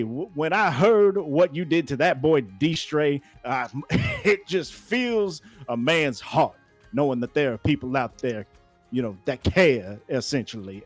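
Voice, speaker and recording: A game master voicing a jovial Southern gentleman with a folksy American Southern drawl, chuckling and repeating "I say". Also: medium pitch, dry recording.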